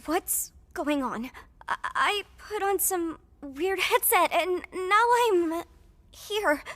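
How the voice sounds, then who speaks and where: A woman voicing an anxious young woman trapped in a digital circus in an animated series, halting and panicky. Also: very high voice, heavily acted. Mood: scared.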